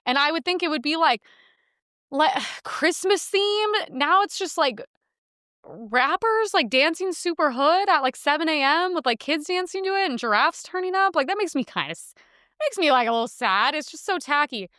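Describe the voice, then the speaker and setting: A woman's voice: sits high, animated, normal speed, bright, forceful tone, no room sound, studio quality. A young woman hosting a podcast in a casual, blunt monologue, full of filler words and crude asides. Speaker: podcast host.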